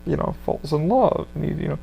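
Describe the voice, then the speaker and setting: A man with a heavily gravelly, fry-laden voice that sits a little high for a man. He rambles along in a loose, profane monologue full of "you know" and restarts, talking like a podcast host telling a story off the cuff. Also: animated, a little fast, warm tone, dull audio.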